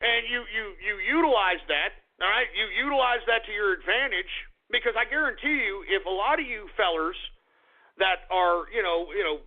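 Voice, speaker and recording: A man's voice: sits high, expressive. A man hosting a radio show, ranting in a combative, repetitive way. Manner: combative, repetitive, talks fast and heated. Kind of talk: call-in radio rant. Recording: tinny phone-like radio audio.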